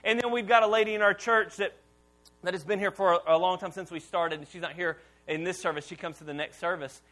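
High, bright-voiced preacher, animated. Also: male voice, fast talker. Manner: animated, conversational preaching with audience call-and-response. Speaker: pastor. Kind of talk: sermon. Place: church auditorium before a congregation.

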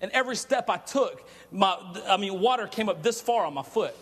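High-voiced preacher in a hall. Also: male voice, a little fast, few pauses. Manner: animated, chatty, stumbles and repeats words. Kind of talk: storytelling sermon. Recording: long reverb of a large hall.

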